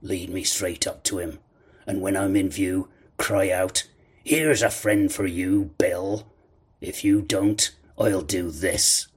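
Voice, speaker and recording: A man's voice: low-pitched, steady tone, takes it slowly, breathy edge, full character voice. A man voicing a cruel blind old beggar who shifts from a wheedling sing-song to cold menace. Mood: cold menacing.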